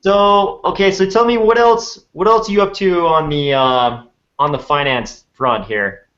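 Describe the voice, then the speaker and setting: A man's voice: on the high side, unhurried, fairly bright tone. A man chatting casually over a laptop video call, easily amazed and restarting his sentences while he fiddles with his setup. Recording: dull lo-fi video call audio.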